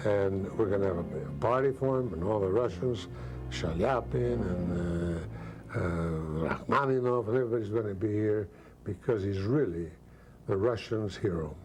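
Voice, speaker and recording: A man recalling an anecdote from his youth in an interview, a lively storyteller. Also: on the low side, vocal fry. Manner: lively storyteller, mimics voices. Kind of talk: reminiscing anecdote.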